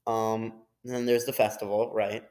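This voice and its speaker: A man's voice: on the low side, flat delivery, normal speed, a little mellow. A man chatting casually as a podcast guest, laid-back and agreeable, with plenty of fillers. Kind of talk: casual chat.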